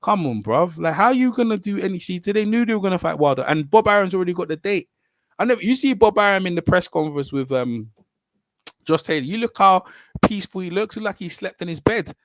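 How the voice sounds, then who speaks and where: A man rants through casual boxing commentary in a voice pitched somewhat high for a man. He mocks and loops back over his points in quick asides. The sound is dry and close to the mic. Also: no room sound. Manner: animated, mocking, repeats himself, drifts into quick asides.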